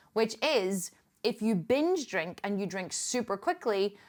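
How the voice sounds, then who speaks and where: Chatty Northern Irish woman vlogger. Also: mid-range voice. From Northern Ireland. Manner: chatty and emphatic, with frequent restarts and laughs. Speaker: fitness coach. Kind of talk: casual vlog storytelling.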